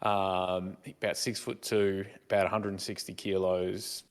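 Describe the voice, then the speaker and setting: Middle-aged male co-host, somewhat low voice, rambles and trips over his words, jokes around. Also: little pitch movement, measured pace, clear, resonant tone. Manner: rambling, stammering restarts, joking. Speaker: podcast co-host. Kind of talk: casual chat.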